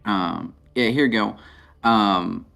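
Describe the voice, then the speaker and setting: A man at a tabletop game, speaking in a low, gravelly voice full of hesitation. He talks slowly, with soft music in the background. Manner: hesitant, stumbling. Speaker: player. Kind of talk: in-character tabletop play.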